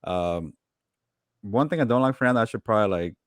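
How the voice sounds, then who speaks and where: A man co-hosting a podcast and working as a sports reporter, teasing his co-host in quick banter. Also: on the low side, lively intonation, no room sound. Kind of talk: casual chat.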